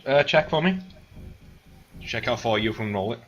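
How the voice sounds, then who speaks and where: A man's voice: medium pitch, expressive, moderate pace, highs cut off. A man narrating as game master over an online voice call, rambling with lots of filler words and laughter.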